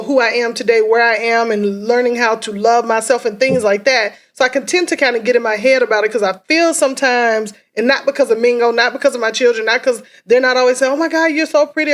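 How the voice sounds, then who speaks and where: Woman on a couples podcast, teary, heartfelt, kinda halting, voice sits a bit high. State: tearful. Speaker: podcast co-host. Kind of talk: emotional personal chat.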